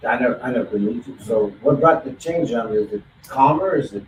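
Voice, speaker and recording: A man's voice: medium pitch, animated, fast talker. A male host chatting in an interview, telling stories and acting out the lines of people in them. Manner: storytelling, acts out quoted lines. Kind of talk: casual interview chat. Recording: roomy echo, distant mic, faint noise.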